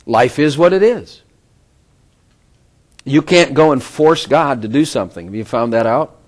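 A man's voice: medium pitch, animated, a little slow. A middle-aged man giving an informal sermon, rambling with conversational asides and frequent chuckles. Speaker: preacher.

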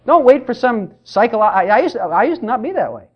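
A middle-aged man preaching a sermon in a church, animated, acting out the voices of churchgoers he quotes. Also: very high voice, fast talker. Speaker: pastor.

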